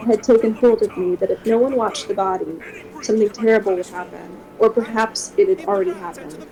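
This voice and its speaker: A woman streamer reading a gothic horror novel aloud in a steady first-person voice. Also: a little high, rough recording.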